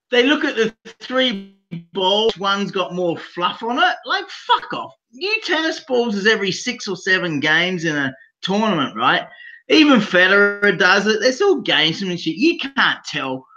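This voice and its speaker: A man with an Australian accent, a brash, profane co-host in casual banter who laughs loudly. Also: high voice, sing-song, a little slow. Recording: dull lo-fi stream audio.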